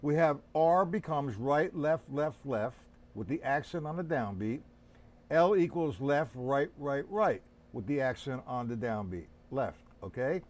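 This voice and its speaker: A man's voice: medium pitch, lively intonation, measured pace, a little mellow. An older man teaching a live-streamed drum lesson, chatty and instructive, calling on viewers by name, with drumming behind him.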